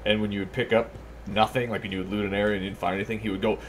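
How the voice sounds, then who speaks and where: A man's voice: lowish voice, level tone, rapid-fire. A man streaming a video game who chats casually, laughs often and mimics the characters. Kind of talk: casual gaming commentary. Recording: stream audio with loud noise.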